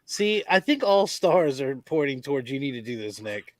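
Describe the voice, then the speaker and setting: A man's voice: mid-range voice, big pitch swings, moderate pace, no room sound. A man panelist, enthusiastic and teasing, in a casual chat.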